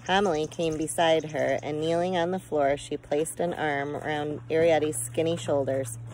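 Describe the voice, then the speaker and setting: A woman narrating a children's storybook chapter aloud in a calm, measured way. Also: low-pitched, low-quality recording. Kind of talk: audiobook narration.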